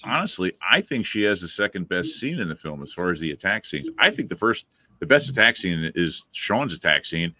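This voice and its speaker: Deep-voiced man hosting a lively chat. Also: brisk, no echo. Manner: leads the discussion and poses questions to guests and viewers. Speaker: podcast host. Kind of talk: live fan chat show.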